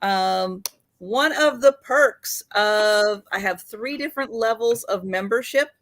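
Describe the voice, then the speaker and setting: A woman's voice: mid-range voice, slow, a bit bright, no room sound. A woman hosting a live sale stream, talking in a friendly, brief way. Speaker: host.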